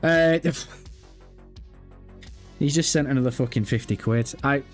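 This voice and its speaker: A man with a British accent hosting a live stream, chatting casually, excitable and swearing freely as he banters with his audience. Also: medium pitch, a little slow, soft background music. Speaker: livestream host. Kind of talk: casual livestream chat.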